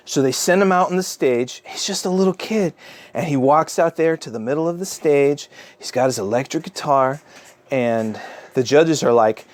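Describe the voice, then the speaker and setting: A man's voice: fairly high pitch, moderate pace. A man, a father, telling an improvised story to his child in a chatty, rambling way with many fillers. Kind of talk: improvised bedtime-style storytelling.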